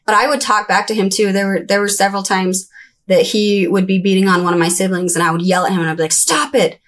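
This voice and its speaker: A young adult woman recounting her childhood in a conversational interview, breaking into high, childlike voices when she quotes people. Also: little pitch movement, quick pace. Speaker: interview guest. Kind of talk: candid personal storytelling.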